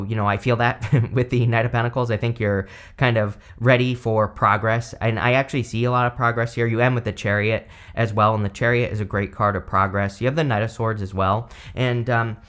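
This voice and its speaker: A man's voice: fairly low pitch, fairly bright tone. A man giving a casual tarot reading, talking loosely with many fillers and self-corrections. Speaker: tarot reader.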